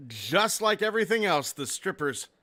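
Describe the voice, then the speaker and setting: A man's voice: high-pitched, sing-song, moderate pace, sharp tone. A man hosting a casual podcast, laughing and swearing as he chats with guests. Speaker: podcast host. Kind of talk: casual chat.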